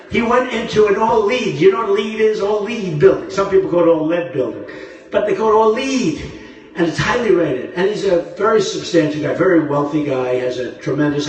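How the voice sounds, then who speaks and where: A man giving a rambling, boastful campaign rally speech, repeating himself, heard through a phone from the crowd in a large arena. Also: sits high. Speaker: political candidate. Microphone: phone livestream from the crowd. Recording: very echoey arena from far off.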